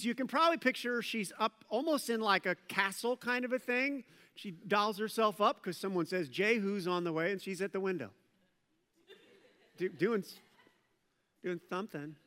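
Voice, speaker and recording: A middle-aged male pastor with a high voice preaches a sermon in a large hall. He retells a story in an animated way, adding playful jokes and asides.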